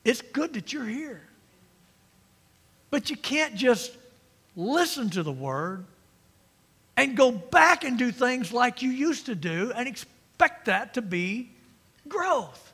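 A middle-aged man preaching an emphatic sermon as pastor, swinging between loud and quiet. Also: very high voice, sing-song, takes it slowly, pauses often, slightly rough. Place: church sanctuary. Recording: long reverb of a church hall.

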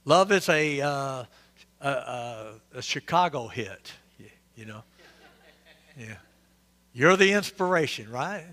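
A man's voice: medium pitch, animated, slow pace, pauses often, a bit bright, long reverb tail. A male pastor, preaching an interactive, joking sermon and questioning his congregation. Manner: conversational, quizzing the congregation, joking asides. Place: church sanctuary.

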